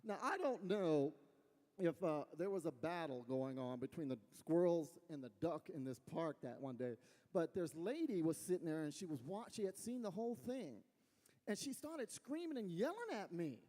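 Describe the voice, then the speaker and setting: A man with a West Texas accent doing folksy, animated stand-up storytelling on a fair stage. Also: a little high, normal speed, big-room sound. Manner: animated storytelling, folksy, laughs at own jokes. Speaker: stand-up comedian. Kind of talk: stand-up comedy.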